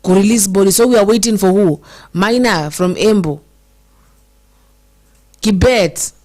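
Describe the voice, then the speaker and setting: A woman's voice: medium pitch, warm tone. A young Kenyan woman hosting casual commentary, reading viewer comments and mixing English and Swahili with feeling. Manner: code-switches English and Swahili, emotional, slows to stress words.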